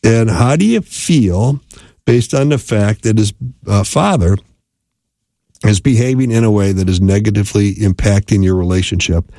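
A man hosting a radio advice show as a marriage and family therapist, calmly counseling listeners and often checking in with "right?". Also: mid-range voice, no echo, studio quality. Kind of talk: advice call-in radio talk.

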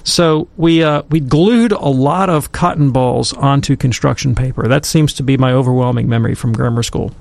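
A man's voice: medium pitch, moderate pace, vocal fry, few pauses, no echo. A middle-aged man, a Catholic commentator, telling a childhood story with acted-out quotes and then discussing scripture in a casual talk. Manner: animated storyteller who acts out quotes.

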